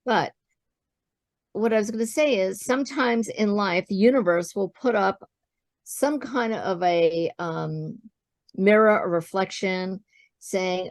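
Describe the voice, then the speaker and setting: A woman guest in an interview, telling her own business story as an animated storyteller who acts out the dialogue she quotes. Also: mid-range voice, slow pace, no echo, clean studio sound.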